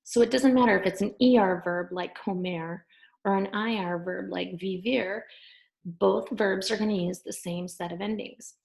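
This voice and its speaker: A woman teaching a class, patiently repeating verb endings slowly. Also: mid-range voice, steady tone, gravelly, darkish tone, poor audio. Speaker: Spanish teacher. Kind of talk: recorded class lesson.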